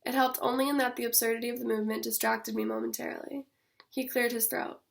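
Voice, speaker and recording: A young woman reads her own fiction aloud in a measured, steady way. Her voice is fairly high with a gravelly fry. The delivery stays flat, with little rise and fall. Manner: measured, steady first-person reading. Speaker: author.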